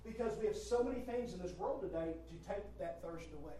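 A man's voice: high-pitched, a little fast, warm tone, a little hiss or hum. A male preacher giving an emphatic sermon, swelling and dropping his voice and repeating phrases for effect. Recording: roomy hall from a distant mic, faint ambience.

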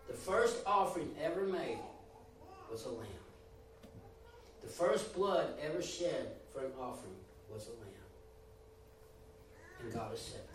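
A man's voice: medium pitch, slight background noise. A man preaching a sermon with rising and falling emphasis, acting out the voices he quotes. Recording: echoey room, voice from a distance.

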